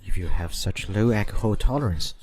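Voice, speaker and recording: A man's voice: lowish voice, expressive, brisk, darkish tone, a little hiss or hum, lightly acted. An actor dubbing a drama role as a cold young male CEO who speaks in dry, clipped retorts. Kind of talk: dubbed drama acting.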